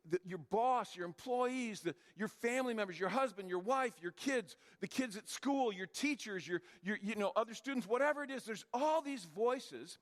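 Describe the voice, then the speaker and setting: Pastor, man, high voice, conversational sermon delivery with questions to the audience, church hall reverb.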